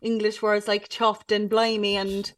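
A woman with a Cork Irish accent, co-hosting a podcast in casual, animated chat full of "like". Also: medium pitch, measured pace, recorded from a distance. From Ireland, Cork. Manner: chatty, animated storytelling with frequent "like". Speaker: podcast co-host.

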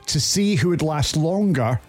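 A man's voice: fairly high pitch, lively intonation, soft background music. A Scottish man co-hosting a football podcast, telling long stories in a chatty, rambling way. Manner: chatty storyteller, drawn-out retelling. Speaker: podcast co-host. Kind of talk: casual chat.

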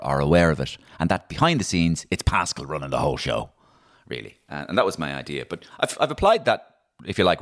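Middle-aged Irish male impressionist, low voice, animated and chatty interview guest. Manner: animated, storytelling, many restarts. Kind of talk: casual interview chat.

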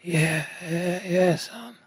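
A woman's voice: on the low side, very slow, husky, no echo, pitched above the performer's own voice, full character voice. A man voicing his frail, feisty great-granny in her eighties. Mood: feeble pleased. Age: 80s. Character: dying old traveller great-granny, feisty.

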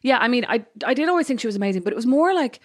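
An Irish woman co-hosting a podcast in casual chat, quick and chatty and laughing easily. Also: a little high, lively intonation, no echo, clean studio sound. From Ireland. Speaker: podcast co-host.

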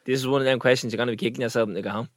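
A young Irish man co-hosting a podcast, trading quick teasing banter. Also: mid-range voice, steady tone, dry recording, clean studio sound. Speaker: podcast co-host. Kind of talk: casual chat.

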